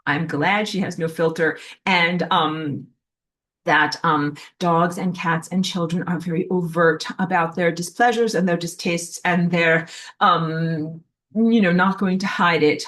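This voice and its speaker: Woman, lower voice, chatty rambling spiritual teacher, speaking from home with heavy fillers. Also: fairly even intonation, unhurried, a bit bright. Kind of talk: casual spiritual talk to viewers. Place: indoors at home, in an apartment.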